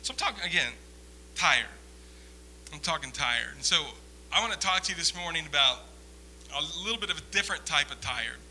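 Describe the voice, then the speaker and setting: A man's voice: fairly high pitch, expressive, a little fast, pauses often, sharp tone, slight background noise, low-quality recording. A man giving a conversational sermon as a pastor, rambling through self-deprecating stories with humor.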